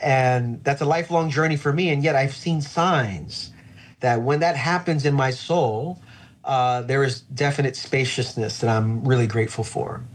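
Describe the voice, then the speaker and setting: Husky-voiced pastor, reflective and earnest. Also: male voice, medium pitch, normal speed. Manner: reflective, earnest, with frequent "uh" fillers. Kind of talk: conversational podcast interview.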